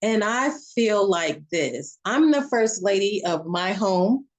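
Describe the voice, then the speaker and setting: A woman's voice: mid-range voice, animated, slow, low-quality recording. A woman guest in a casual chat interview, telling rambling stories with many restarts.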